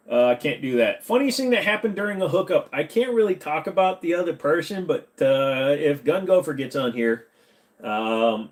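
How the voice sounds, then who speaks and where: A man hosting a casual live stream from his home computer room at a desk mic, answering viewer questions with jokes. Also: mid-range voice. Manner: slips into a bad Southern accent. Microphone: desk microphone.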